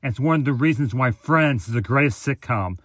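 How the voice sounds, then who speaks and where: A man's voice: medium pitch, animated, brisk, no echo. Earnest man reading a fan message. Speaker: listener sending in a clip. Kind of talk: read-out listener message.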